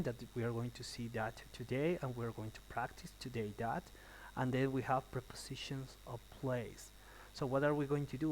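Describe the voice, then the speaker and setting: A male English teacher talking through a recorded lesson. He explains each phrase slowly with a few ums, then translates it in a quick burst. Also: mid-range voice, slight background noise, poor audio. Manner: thinking out loud with uh and um. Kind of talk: recorded online class, switching between English and Spanish.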